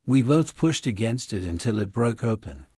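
A man reading a classic story aloud as scripted narration for English learners, in a clear, even way. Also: fairly low pitch, moderate pace, dry recording, studio quality.

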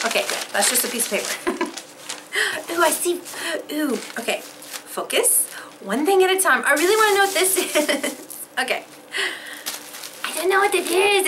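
A woman's voice: high-pitched, background noise. A young woman vlogger chatting casually as she opens fan mail, gushing and exclaiming over each gift. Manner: gushing, gasping and exclaiming, laughs often. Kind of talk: casual unboxing chat. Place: home craft studio.

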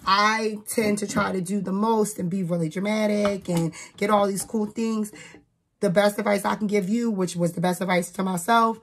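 A woman's voice: mid-range voice, steady tone, moderate pace. Young woman vlogger from New Jersey, casual and chatty, peppers her talk with fillers, mid-range voice. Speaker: teacher. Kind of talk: casual chat, showing gifts to camera.

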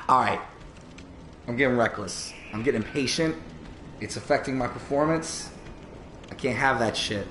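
Guy streaming a hard game, swears a ton, yelps and shouts when he gets hit, slow drawl otherwise, roomy sound with loud game noise under him. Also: mid-range voice. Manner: profane, yells at the game in sudden outbursts; sarcastic self-mocking asides. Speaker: gamer streaming live. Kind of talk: live gameplay commentary.

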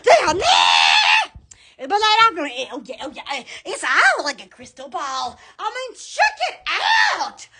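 A very high-pitched woman chats on a phone live stream, her voice bright and sharp. She talks slowly, with lively swoops in pitch. She squeals, yelps and laughs between her words. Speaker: live-stream host selling shop goods. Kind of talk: rambling live-stream chat.

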